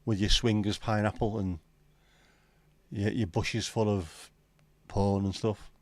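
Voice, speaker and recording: A man with a lowish voice chats on his livestream, bantering and swearing as he answers viewers. The sound is dry and close. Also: little pitch movement, slow pace, no room sound. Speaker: livestream host. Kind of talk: casual chat reading viewer comments.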